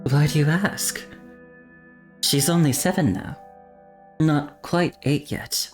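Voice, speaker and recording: Woman putting on a calm, earnest young android soldier. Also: deep voice, faint music behind. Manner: measured, earnest reading of game lines.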